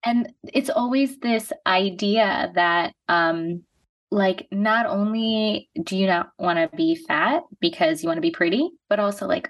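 A woman's voice: mid-range voice, a little slow. A woman in her thirties from the United States, a podcast guest talking casually and reflectively with lots of "like". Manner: reflective, heavy use of "like". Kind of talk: casual conversation. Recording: voice a bit distant from the mic.

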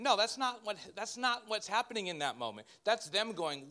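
A man, a pastor, preaching a sermon in an animated way with joking asides to his congregation. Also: high voice, normal speed.

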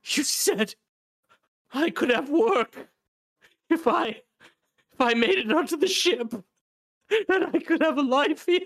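A man voicing a desperate one-footed male crewman who pleads and stammers in a high, strained voice. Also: lively intonation, slow, pauses often, fairly bright tone, no room sound, studio quality, heavily acted. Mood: pleading.

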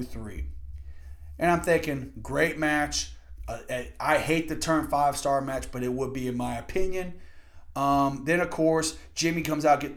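A man with a slightly high-pitched voice talks through a wrestling event in a casual review. He recaps the action play by play, gets excited and swears freely. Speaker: wrestling podcast host.

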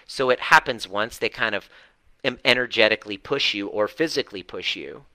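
A man's voice: lowish voice, fairly quick, pushed and bright, no room sound. A man hosting a coaching talk for his community, speaking earnestly and emphatically. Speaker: coach and host.

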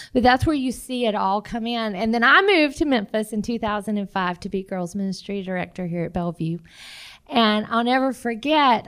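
A woman's voice: a little high, smooth. A woman ministry leader telling a personal testimony to a class, acting out quotes and laughing often. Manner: lively storyteller who acts out quotes and laughs often. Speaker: ministry leader sharing her story.

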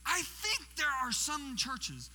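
A man's voice: extremely high pitch, huge pitch swings, slow pace, sharp tone. A man in his sixties, a guest preacher giving a sermon, telling stories, acting out what people said and putting questions to the audience. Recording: reverberant hall with faint mains hum.

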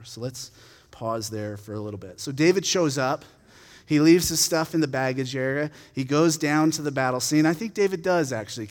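A man reading a Bible passage aloud, then retelling it in a chatty, joking way with laughing asides. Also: on the high side. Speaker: Bible teacher. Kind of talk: scripture reading and casual commentary. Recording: long hall reverb.

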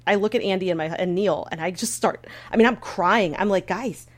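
A young woman casually telling a story on a podcast, full of fillers and restarts, breaking into squealing high bits as she acts out her own panic. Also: a little fast. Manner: frequent filler words, restarts. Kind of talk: casual chat.

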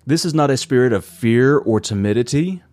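A man's voice: medium pitch, expressive, moderate pace, darkish tone, no room sound, clean studio sound. A man in his thirties preaching a sermon, earnest and conversational, asking the congregation rhetorical questions.

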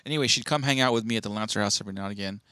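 A man's voice: on the low side, very fast, pushed and bright, dry recording, clean studio sound. A man co-hosting a podcast, telling rambling, profane stories in casual chat. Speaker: podcast co-host.

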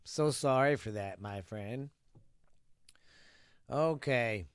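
Slow, profane man hosting a podcast. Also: mid-range voice, clear, resonant tone, no echo, clean studio sound. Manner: loose, profane, rambling delivery; puts on a tough-guy ad voice. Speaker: podcast host. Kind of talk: casual solo podcast chat.

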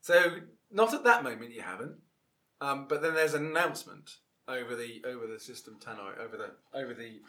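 A man's voice: mid-range voice, a little fast. A man narrating as game master of a tabletop role-playing game. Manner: animated, swings into loud character voices.

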